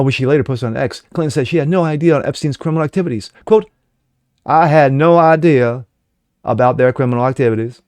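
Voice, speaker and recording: A man hosts a daily political commentary show in a sarcastic, mocking way, and his voice rides up and down for effect. His voice sits a bit high for a man. The recording is close and dry, with no room sound. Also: a little mellow, dry recording. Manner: sarcastic and mocking, swings pitch for jokes. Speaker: host.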